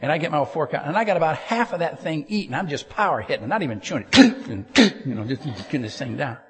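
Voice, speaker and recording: A man preaching a humorous storytelling sermon, getting loud and excited and throwing jokey asides to a live audience in church. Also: on the high side, fast talker, slightly rough. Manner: animated, gets loud and excited telling the story.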